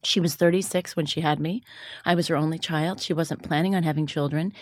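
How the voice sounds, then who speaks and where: A woman's voice: low voice, fairly even intonation, a little fast, dry recording. Woman talking thoughtfully, close dry mic. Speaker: guest. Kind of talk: reflective interview talk.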